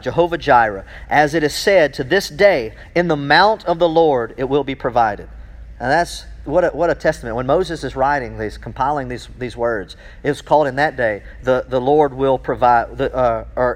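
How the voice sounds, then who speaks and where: A man preaching a sermon to a congregation, reading scripture aloud, then breaking off mid-sentence to ask questions with growing excitement. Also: mid-range voice, brisk. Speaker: pastor.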